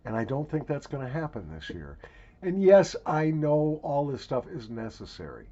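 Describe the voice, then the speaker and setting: A man talks straight to the camera in a wry, rambling way. His pitch leaps around, loud and hammy one moment and low and musing the next. The home recording sounds dull and lo-fi. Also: very animated, normal speed. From Minnesota. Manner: wry, mock-grandiose, swings from loud hamming to quiet musing. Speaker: vlog host. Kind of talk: casual rambling monologue to camera.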